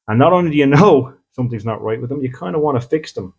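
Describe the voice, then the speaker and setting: The recording is muffled, and the man talks fast in a slightly mellow, mid-range voice with a breathy edge. He's an Irish spiritual medium and podcast host, casual with his audience, acting out mini dialogues and regularly asking "okay?".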